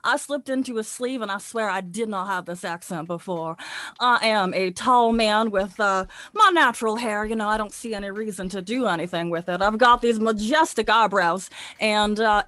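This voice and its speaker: A woman's voice: mid-range voice, moderate pace, a bit bright, dry recording, close to an everyday voice. A woman voicing a tall, nosy male private eye with a Southern accent, talking in an easygoing drawl. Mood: laid-back. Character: tall man, nosy private-eye sleuth, laid-back drinker.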